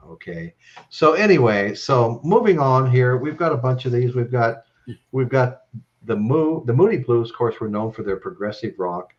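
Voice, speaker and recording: A man's voice: medium pitch, muffled recording. A man hosting a live-stream chat, telling stories in a rambling way and ending lines with "okay?". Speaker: host.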